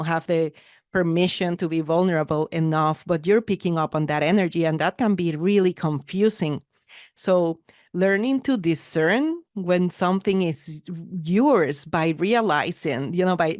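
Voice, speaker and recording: A woman co-teaching a live class, adding her thoughts in a soft, thoughtful way with fillers. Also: lowish voice, no room sound, clean studio sound.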